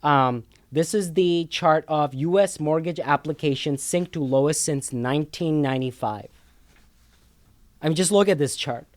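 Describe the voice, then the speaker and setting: A man's voice: fairly high pitch, normal speed, no echo. A man co-hosting a casual talk show, explaining finances emphatically, repeating words and checking in with "okay?" a lot.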